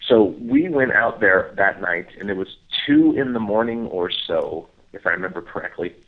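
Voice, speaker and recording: A man, a guest researcher, telling a field story in a casual interview, full of fillers, acting out other people's lines in a high voice. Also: animated, normal speed. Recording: tinny phone line.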